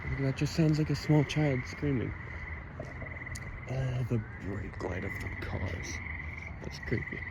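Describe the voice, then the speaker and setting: A man's voice: mid-range voice, measured pace. Chatty man vlogging on a foggy night. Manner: chatty, quietly spooked, rambling. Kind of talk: casual vlog narration. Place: outdoors at night in a foggy neighborhood. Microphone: handheld camera mic. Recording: noisy outdoor camera audio. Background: night sounds and distant cars.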